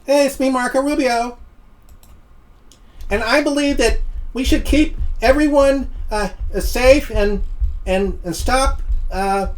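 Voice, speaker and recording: A man putting on a high, cartoonish voice to mock a male politician, speaking in halting, squeaky phrases. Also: rough recording. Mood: mock-earnest.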